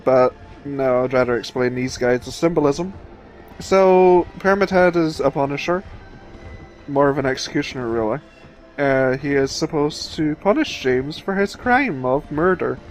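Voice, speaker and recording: A man hosting a let's play, chatting casually, thinking aloud and swearing freely as he plays. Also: mid-range voice. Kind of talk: casual gameplay commentary.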